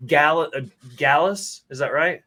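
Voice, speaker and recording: A man co-hosting a wrestling podcast, talking in an animated, joking way with some swearing. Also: a little high, measured pace. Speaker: podcast co-host. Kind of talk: casual chat.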